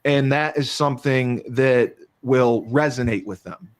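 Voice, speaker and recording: A man's voice: mid-range voice, steady tone, unhurried. A man hosting a podcast in a casual chat, self-deprecating, joking and swearing a lot. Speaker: podcast host.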